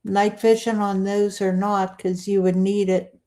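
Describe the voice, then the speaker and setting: Slow, flat-voiced woman. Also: medium pitch. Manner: brief, hesitant replies. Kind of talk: casual chat.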